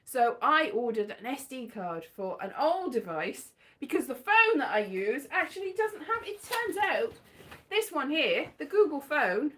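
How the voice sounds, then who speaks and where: A woman's voice: high-pitched, big pitch swings, measured pace, a bit bright. A woman vlogging into her phone at home, chatting in a rambling, scatterbrained, self-mocking way. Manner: chatty, scatterbrained, self-mocking, breaks into silly sung lines. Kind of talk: rambling casual chat with sung bits. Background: keyboard music.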